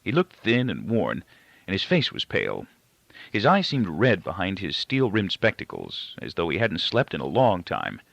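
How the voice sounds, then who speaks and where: A man reading a novel aloud in first-person narration, measured and expressive. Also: low voice, creaky, no room sound. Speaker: audiobook reader. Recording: dull, dry lo-fi recording.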